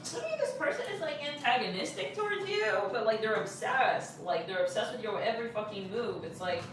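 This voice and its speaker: A woman's voice: fairly high pitch, expressive, fairly quick, noisy background. A young woman doing a casual live tarot reading, rambling and blunt, full of filler words and swearing. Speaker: tarot reader.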